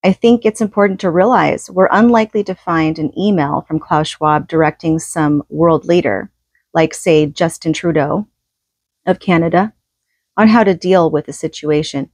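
A woman reading a nonfiction book aloud, steady and measured, with an occasional casual aside. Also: deep voice, husky, no echo. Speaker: audiobook reader.

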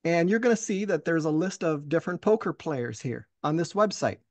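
A man reading and explaining an article, earnest and agreeable, higher-pitched, dry sound. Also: lively intonation, brisk, no room sound. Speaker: co-host. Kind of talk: walking through an article on screen.

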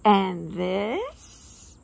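A woman playing an eager little girl in a bedtime storybook. The voice is slow, husky and gravelly. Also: medium pitch, huge pitch swings, a little mellow, exaggerated voice.

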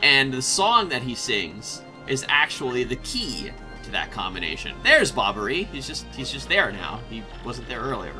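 A man hosting a casual let's play, rambling and excitable, often breaking into laughter. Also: medium pitch, moderate pace, few pauses, over music. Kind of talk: casual gameplay commentary.

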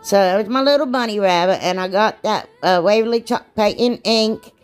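A woman's voice: medium pitch, fairly quick, clear, resonant tone, soft background music. A woman chatting casually through a craft tutorial, rambling and self-deprecating, laughing at herself. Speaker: DIY crafts vlogger.

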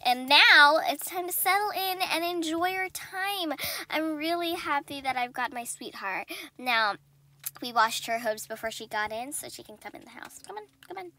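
A woman hosting a game role-play voice-over, gushing and excitable, gasping and squealing, and talking straight to viewers. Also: high-pitched, normal speed. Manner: talks to viewers directly. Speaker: channel host and player.

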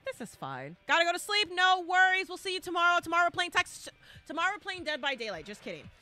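A young woman gives live commentary on a horror game and talks to her viewers the whole time. Her voice is high and bright and leaps all over the place. She breaks into excited yelling when the game turns tense. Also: fast, no echo. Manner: excitable, bursts into shouting and squeals. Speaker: streamer.

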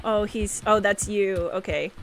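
A woman livestreaming herself playing a game with a friend, chatty and excitable, laughing and yelping often. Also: mid-range voice, takes it slowly, vocal fry. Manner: giggly, excitable, frequent laughs and yelps. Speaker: livestream host. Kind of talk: casual gameplay chat.

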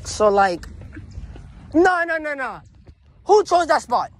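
A woman's voice: high voice, sing-song, slow. A woman vlogger running a hide and seek game, talking in casual slang and teasing her friends. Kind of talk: casual excited chat.

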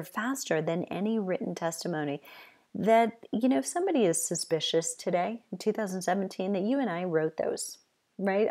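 Middle-aged female coach, lowish voice, loose conversational delivery with repeated points. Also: darkish tone. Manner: conversational, with frequent "you know" and list-like repetition. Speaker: fitness business coach. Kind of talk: advice talk to fitness trainers.

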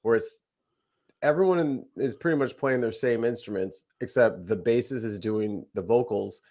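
A man co-hosting a podcast as its producer, chatting excitably in casual banter. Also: medium pitch, normal speed.

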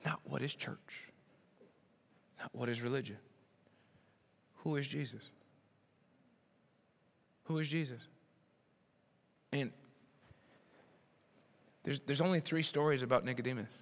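A man preaching a sermon, swinging from loud emphatic bursts to low, quiet asides. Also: slow pace, vocal fry, long pauses, in a large hall. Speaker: pastor.

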